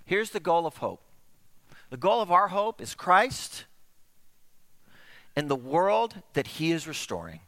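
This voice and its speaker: Animated, bright-voiced male preacher. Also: on the high side, slow, long pauses, big-room sound. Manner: animated storytelling with acted dialogue. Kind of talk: sermon.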